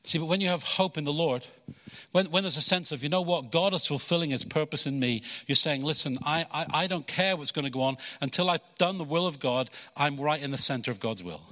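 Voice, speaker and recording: Bright-voiced man preaching in a reverberant hall. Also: a little high, expressive, brisk. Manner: conversational preaching, acts out quotes, repeats words. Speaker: pastor. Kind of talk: sermon. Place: church hall.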